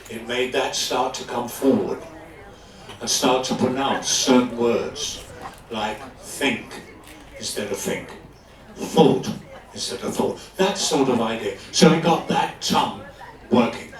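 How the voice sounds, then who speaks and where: An older man from London, an actor telling anecdotes on stage with animated delivery and frequent laughs. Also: medium pitch. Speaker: guest actor. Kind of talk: live stage storytelling. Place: stage in a club hall before an audience. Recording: echoey hall, distant mic.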